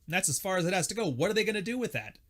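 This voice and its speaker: A man's voice: sits high, sing-song, very fast, fairly bright tone. A man giving a casual lecture monologue, blunt and wry in his delivery. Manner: blunt and wry, acts out quoted lines in mocking voices. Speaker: self-help lecturer.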